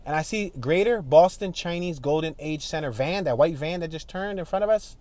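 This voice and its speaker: A man with a slightly high, somewhat mellow voice talks fairly quickly, with no echo, from inside a car in city traffic. The driving tour vlogger gives chatty running commentary on the streets, laughs often, and talks to people outside the car.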